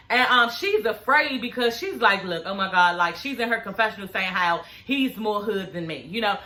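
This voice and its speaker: A woman in her forties dishes on a reality show in loose, profane casual chat. Her voice is bright and sits a touch high. She keeps tossing in honey and girl with sassy attitude. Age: 40s. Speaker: reality TV recap vlogger.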